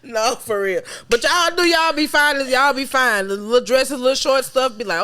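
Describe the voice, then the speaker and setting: A woman co-hosting a podcast, telling stories in loud, profane, laughter-filled casual chat. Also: sits high, normal speed, few pauses, clean tone. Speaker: podcast co-host.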